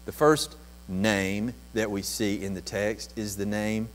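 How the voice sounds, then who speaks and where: A man's voice: lowish voice, level tone, takes it slowly, a little hiss or hum, poor audio. Impassioned male preacher, swelling delivery. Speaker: pastor. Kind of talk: sermon.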